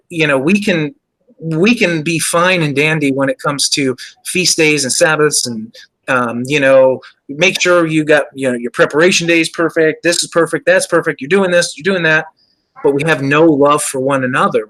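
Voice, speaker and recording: A man's voice: a little high, a bit bright, rough recording. A man hosting a show, earnestly explaining his religious views in casual conversation, with frequent "you know" fillers. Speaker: show host. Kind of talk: casual faith discussion.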